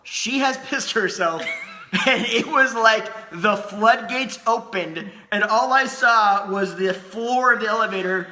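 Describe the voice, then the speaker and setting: A man with a high, very bright voice tells a funny story with his wife, animated and quick to laugh, with plenty of restarts. The room sounds echoey. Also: a little hiss or hum. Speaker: podcast co-host. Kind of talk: casual storytelling chat.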